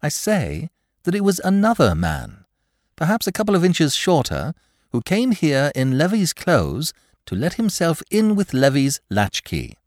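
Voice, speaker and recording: A breezy, whimsical gentleman sleuth with a raised, lively voice that leaps about theatrically, as a man reads him. He sounds quick and airy, recorded in a dry, close space. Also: a little high, dry recording, voice pushed up. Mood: animated. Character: flippant aristocratic young male sleuth.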